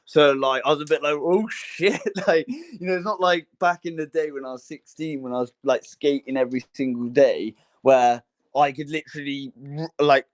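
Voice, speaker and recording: Podcast co-host: young man, a touch high-pitched, rambling anecdote-teller full of fillers. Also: steady tone, a little fast. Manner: rambling storyteller, many fillers and restarts. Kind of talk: casual chat.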